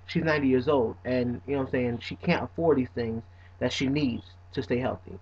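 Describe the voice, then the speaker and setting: A man's voice: mid-range voice, fairly quick, husky. Young man vlogging, muffled lo-fi audio. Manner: playful and animated, then earnest, with frequent "you know what I'm saying". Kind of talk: casual talk to camera. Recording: dull lo-fi recording.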